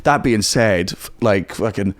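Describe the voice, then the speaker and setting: A man's voice: on the low side, expressive, dry recording. A Scottish comedian in his twenties talking bluntly and swearing freely in a podcast chat. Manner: blunt, rapid, heavy swearing. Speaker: guest comedian. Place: home studio.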